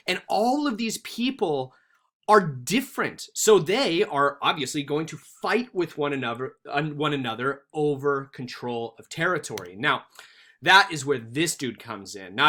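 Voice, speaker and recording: A male teacher gives a recorded history lesson, telling stories animatedly and acting out quotes. His voice is on the high side, at a normal speed.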